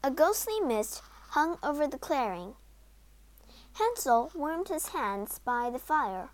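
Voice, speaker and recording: A woman narrating a children's storybook aloud in an animated, dramatic way. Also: sits high, slow pace. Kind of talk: expressive storybook read-aloud.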